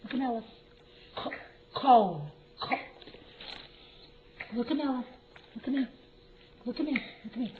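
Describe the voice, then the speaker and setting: A woman at home slowly and encouragingly coaching a child through word practice, with lots of repetitive prompting. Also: high voice, steady tone, noisy background. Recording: dull lo-fi home video.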